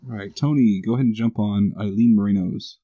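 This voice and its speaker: A man hosting a podcast, briskly steering the conversation and rewording questions. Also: on the low side, warm tone, lo-fi sound. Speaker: podcast host. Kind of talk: casual podcast interview.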